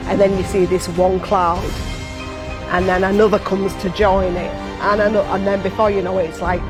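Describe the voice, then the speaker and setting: A woman's voice: mid-range voice, little pitch movement, a little fast. Emotional woman, music underneath. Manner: heartfelt, emotional. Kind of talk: emotional interview.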